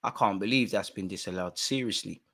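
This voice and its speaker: A man co-hosting a live football watch-along, exasperated and heckling the referee, dropping into mutters and rising to shouts with plenty of street slang. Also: on the low side, a little fast. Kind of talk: live match commentary and banter.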